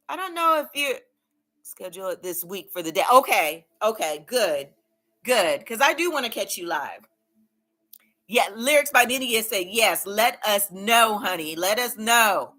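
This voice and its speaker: This livestream host reads her viewers' comments out loud and encourages them, with frequent laughter and repeated phrases in a casual style. She speaks unhurriedly and expressively in a sharp-toned voice on the high side.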